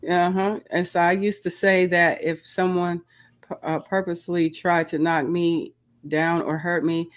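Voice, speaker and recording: A woman's voice: lowish voice, measured pace. Southern woman hosting a live craft chat. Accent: Southern American. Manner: animated, reads out chat comments, exclaims often. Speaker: host of a live craft stream. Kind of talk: casual live-stream chat reading viewer comments.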